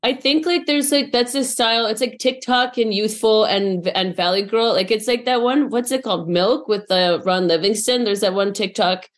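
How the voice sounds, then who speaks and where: A woman comedian, chatting casually as a podcast guest and sprinkling her talk with filler words. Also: medium pitch. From Saskatchewan, Canada. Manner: chatty, lots of "like" fillers, quick asides.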